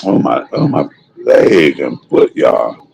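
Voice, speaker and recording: An older man with a very deep, gravelly voice that swings up and down widely as he preaches. He talks folksy and emphatic, like a casual sermon during a live eating stream. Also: sing-song, takes it slowly, darkish tone, rough recording. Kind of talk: mukbang stream talk turning into preaching.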